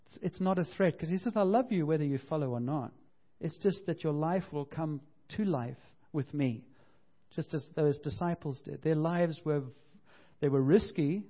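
Man, pastor, passionate sermon, acts out quotes, dull low-fi sound. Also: moderate pace. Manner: impassioned, repeats himself, acts out quotes.

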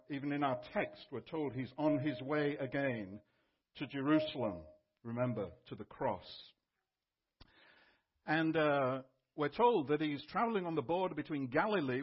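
A man's voice: a little high, slightly rough, dull audio. A male pastor giving a sermon in a conversational teaching manner.

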